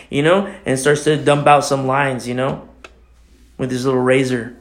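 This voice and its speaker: A man preaching an expository sermon in a blunt, impassioned way, dropping to a hush and then rising to loud outbursts. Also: a little high, fairly even intonation, normal speed. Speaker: pastor.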